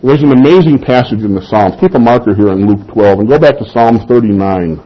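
A man preaching a sermon and teaching from scripture, emphatic and given to rhetorical questions and soft chuckles. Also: medium pitch, animated, a little fast, dull audio. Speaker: pastor.

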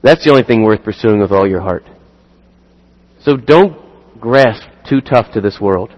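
A man's voice: fairly low pitch, normal speed, dull audio. Man preaching in a reverberant hall. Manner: animated, acts out dialogue in sudden louder bursts. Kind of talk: sermon.

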